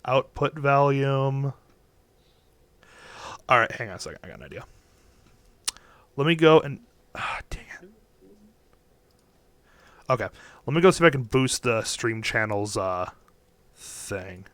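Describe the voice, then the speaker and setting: Bright, crisp young man running a game. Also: medium pitch, very animated, a little slow, long pauses, no room sound. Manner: rambling, many fillers and restarts. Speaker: game master. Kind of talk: narrating a tabletop game over voice chat. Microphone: headset or desk mic on a voice call.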